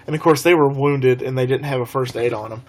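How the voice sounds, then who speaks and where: A young man with a drawl talks loosely and fast on a live stream, with many restarts. He laughs often as he retells a game he played. His pitch sits in the middle. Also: fairly even intonation, darkish tone, a little hiss or hum. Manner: rambling, laughing storyteller. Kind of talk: casual live-stream chat.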